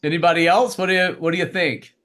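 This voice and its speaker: A man's voice: fairly high pitch, steady tone, fast talker, fairly bright tone. A man hosting a casual team meeting, drawing in his colleagues with loose, encouraging talk and baseball phrases. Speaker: meeting host.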